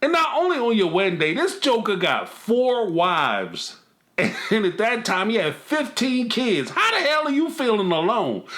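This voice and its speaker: Host commentator, male, casual slangy riffing, a fairly high and lively voice. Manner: animated, slangy, mocking, laughs often. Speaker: reality TV commentator.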